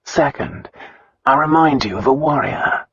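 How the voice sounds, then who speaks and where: A man reading an audiobook, voicing an arrogant nobleman husband who is gruff, blunt and dryly teasing. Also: medium pitch, a little slow, a bit bright, lo-fi sound. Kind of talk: audiobook dialogue.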